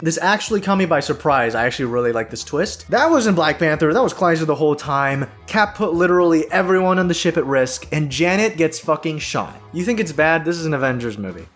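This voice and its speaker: A man's voice: on the high side, expressive, fairly quick, hardly any pauses, fairly bright tone, soft background music. A man hosting a casual film recap, sarcastic and joking, with frequent swearing. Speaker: video essay host.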